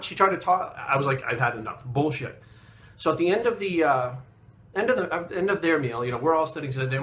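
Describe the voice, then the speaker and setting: A fitness coach and bodybuilder tells a story in casual talk, his voice fairly high-pitched and fairly bright. He's blunt and profane, getting more heated as he goes.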